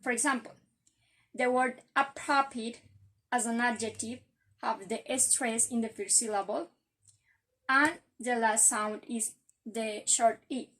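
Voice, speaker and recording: Woman, young adult, Colombian Spanish accent, slow careful explaining, bright tone. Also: fairly high pitch, steady tone. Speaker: student presenter. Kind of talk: class presentation on word stress.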